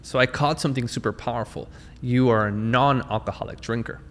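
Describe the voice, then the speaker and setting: A man's voice: medium pitch, steady tone, a little fast, a bit bright, long reverb tail. A man hosting an interview, enthusiastic and motivational, speaking straight to his listeners. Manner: enthusiastic, motivational, addresses the audience. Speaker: podcast host.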